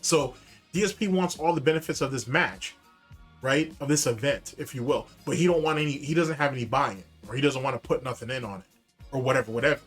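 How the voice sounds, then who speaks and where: A man's voice: medium pitch, fast talker, fairly bright tone, breathy edge, faint music behind. A male host giving casual, dismissive commentary on a clip he just played, using loose slang. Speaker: show host.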